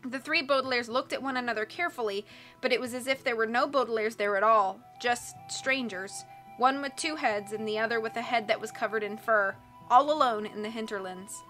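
A woman narrating an audiobook with expressive storytelling. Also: a little high, fairly quick, faint music behind. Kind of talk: audiobook reading.

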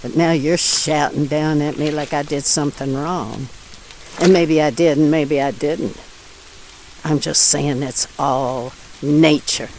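A woman's voice: low-pitched, steady tone, a little slow, darkish tone, slight background noise. An actress playing a destitute older woman ranting, in an audio drama. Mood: brooding. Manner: furious ranting, drawling rural speech. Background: rain.

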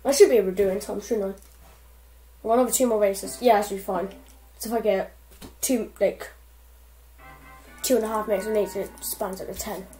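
A young woman giving casual, excitable commentary over gameplay and swearing constantly at her opponents. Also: medium pitch, fairly quick, long pauses, poor audio. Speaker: gamer. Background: faint game music.

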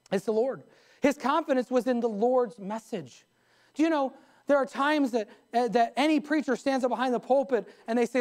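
A man's voice: extremely high pitch, normal speed, a little mellow. A man preaching a sermon from the pulpit in a church, telling stories in a folksy, colloquial way. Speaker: pastor. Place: church sanctuary.

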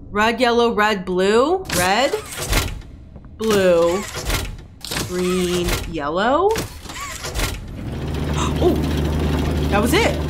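Young female gaming streamer, jumpy and foul-mouthed; slow-ish delivery that breaks into shrieks. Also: on the high side, noisy background. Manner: jumpy, swears a lot, shrieks in fright. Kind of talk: live gameplay commentary. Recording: game music playing behind.

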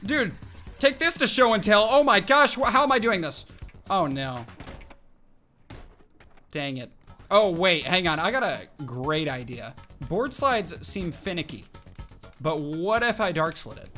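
An excitable man narrating his own gameplay, bursting into exclamations and hyping himself up. His voice sits a little high and has a bright, forceful edge. Faint music plays underneath. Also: unhurried, pauses often. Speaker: gaming video host. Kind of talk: live gameplay commentary. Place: at a home computer desk.

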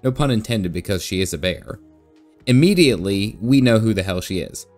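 A man's voice: fairly low pitch, expressive, fairly quick, a little mellow, soft background music. A man recapping a game playthrough in a casual, jokey, chatty way, often laughing. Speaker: gaming video creator.

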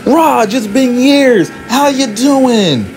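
A man's voice: on the high side, lively intonation, moderate pace, over music, voice pushed up, lightly acted. A man doing Titan, a cheerful confident engine. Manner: eager, polite.

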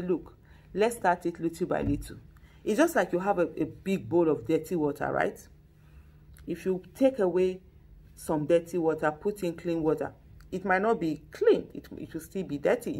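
A woman's voice: medium pitch, a little mellow, breathy edge. A woman from Nigeria speaking as a political activist in an interview, emphatic and repetitive, with frequent restarts and mocking quotes of critics. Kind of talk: impassioned political commentary.

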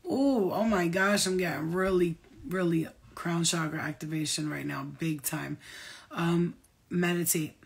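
A woman talking as a spiritual medium in a casual vlog, rambling, excitable and full of swearing. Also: fairly low pitch, measured pace, vocal fry, breathy edge.

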